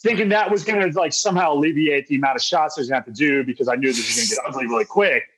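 A man's voice: a little high, racing, fairly bright tone, breathy edge, low-quality recording. A man in his late twenties, co-hosting a podcast, animatedly telling a casual story and acting out his friends' lines. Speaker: podcast co-host.

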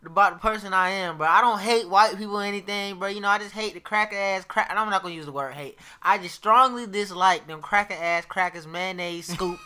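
Male podcast guest, bright tone; relaxed slangy banter, quick to laugh. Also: high voice, smooth. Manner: laid-back, says bro a lot, laughs easily. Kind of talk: casual podcast chat.

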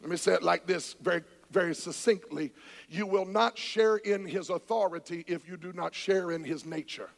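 High, gravelly preacher shouting in church. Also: male voice, normal speed. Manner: shouting preaching with call-and-response to the congregation. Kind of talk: charismatic sermon. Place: church sanctuary. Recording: church hall with long reverb.

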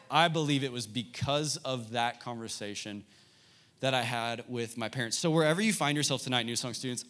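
An earnest young man preaching to a youth group, mid-range in pitch. He tells a personal story openly and directly, speaking straight to his listeners. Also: pushed and bright. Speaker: youth pastor. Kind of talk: sermon.

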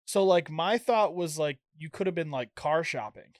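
A man's voice: on the high side, lively intonation, normal speed, no room sound, clean studio sound. A young man co-hosting a podcast, chatting casually and rambling with lots of fillers and frequent laughs. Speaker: podcast co-host. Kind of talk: casual chat. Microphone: studio microphone.

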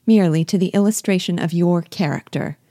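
Woman reading witty young lady, teasing, pointed, low mellow voice. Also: brisk, no room sound, studio quality, close to an everyday voice.

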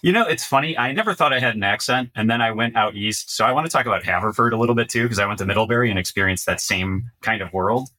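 A man's voice: fairly low pitch, quick pace, hardly any pauses. A man with a Midwestern accent hosting an interview, telling stories animatedly and asking questions. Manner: animated storyteller who quotes other people. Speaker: podcast host. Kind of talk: casual interview talk.

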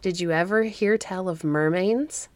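A woman reading a storybook who voices a kindly, calm old woman caretaker in a soft, soothing way. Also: on the low side, unhurried, no echo, close to an everyday voice. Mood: gentle.

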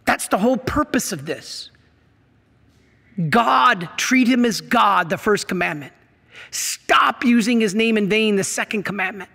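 A middle-aged priest gives an unhurried sermon from the pulpit, his unusually high, bright, forceful voice taking on a creaky edge. He presses hard on his points and hurls questions at the congregation, every phrase lingering in the church's long reverb.

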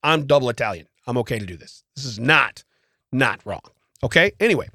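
Animated laughing male podcast co-host. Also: medium pitch, fairly quick, no echo, clean studio sound. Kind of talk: casual chat. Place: podcast studio.

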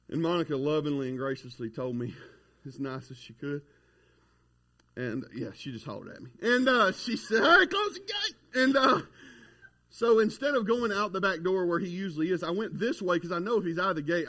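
A man delivers a sermon from the pulpit. His voice sits fairly high, and he preaches in a folksy, conversational way, weaving homespun stories into the message. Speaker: pastor.

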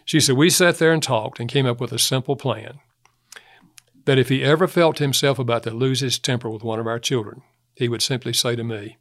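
A man's voice: mid-range voice, brisk. A man speaking as a guest author in an interview, telling anecdotes, chuckling and acting out quotes. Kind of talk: conversational interview talk.

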